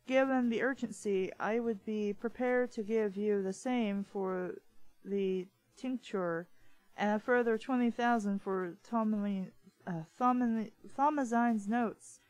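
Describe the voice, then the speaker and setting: A woman reading the lines of a charming, smooth-talking upper-class English gentleman from a novel, in a polite, persuasive manner. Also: mid-range voice, a little slow, no room sound, natural voice, rough recording.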